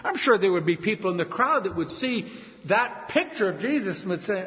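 A man preaching a sermon with emphatic, dramatic delivery and slow, stressed repetitions. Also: high voice, big pitch swings. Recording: reverberant hall, dull lo-fi sound.

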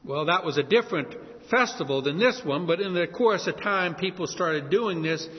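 A man from New Orleans with a New Orleans accent preaching a sermon as pastor, telling stories in a lively way and acting out shouted quotes. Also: high-pitched, moderate pace. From New Orleans, USA. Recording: muffled sound with long hall reverb.

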